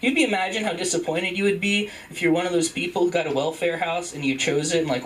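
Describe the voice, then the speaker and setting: A young man from Utah doing rambling, self-deprecating stand-up at an open mic, jumping into high squeaky voices for the people he quotes. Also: fairly even intonation, fast, hardly any pauses, a bit bright, distant mic, poor audio. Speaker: stand-up comedian. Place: comedy club stage.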